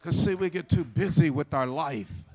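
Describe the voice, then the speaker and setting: A middle-aged male pastor preaching a sermon, repeating phrases and building from quiet asides to shouts. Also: on the high side, normal speed. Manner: repetitive, call-and-response preaching, swelling to shouts.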